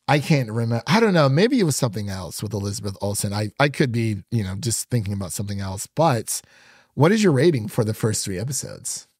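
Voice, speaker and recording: A podcast co-host chats casually and laughs often as he rambles through a review. His voice is fairly low, a little mellow and breathy, with lively intonation and a brisk pace, in a dry, studio-quality recording.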